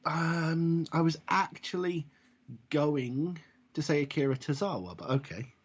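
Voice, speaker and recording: On dull lo-fi audio, a male co-host of a wrestling podcast chats casually in a rambling, jokey way and keeps correcting himself. His voice is fairly high and husky, and he takes his time.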